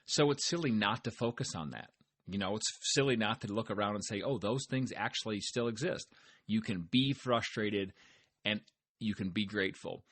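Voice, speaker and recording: On his own podcast, a man who is also a farmer delivers a casual motivational monologue, often addressing his listeners directly in an upbeat way. His voice sits on the low side, fairly bright and slightly rough, at a normal speed.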